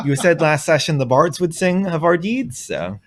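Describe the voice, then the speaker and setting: A man playing a tabletop game, chatting casually with the table at a slow pace. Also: a little high. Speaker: player.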